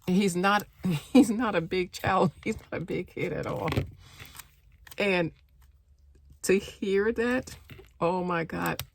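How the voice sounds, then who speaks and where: Shaken, gravelly-voiced woman speaking slowly. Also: fairly low pitch, background noise. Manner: emotional, halting, repeats herself often. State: upset and shaken. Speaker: mother telling a personal story. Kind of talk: casual personal vlog.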